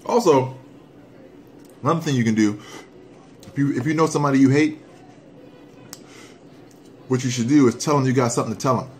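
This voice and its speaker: A man doing a casual hot sauce challenge vlog at home, animated and joking while his mouth burns from the sauce. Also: medium pitch, fairly quick, pauses often, a little hiss or hum. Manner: animated, joking, breaks into whoops and coughs. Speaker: vlogger.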